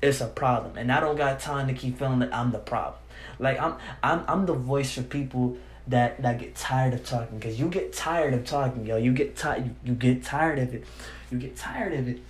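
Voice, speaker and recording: Speaking at medium pitch and a moderate pace, this young man delivers an angry, foul-mouthed rant to camera, saying "bro" again and again and restarting his sentences. Roomy echo and faint ambient sound fill the recording.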